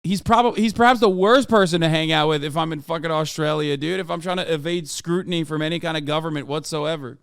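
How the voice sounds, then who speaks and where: A man's voice: a little high, steady tone, fast, creaky, few pauses, fairly bright tone, clean tone, no room sound. A man in his thirties ranting loosely and profanely as he reacts to the news on his livestream. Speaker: streamer. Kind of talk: casual livestream commentary.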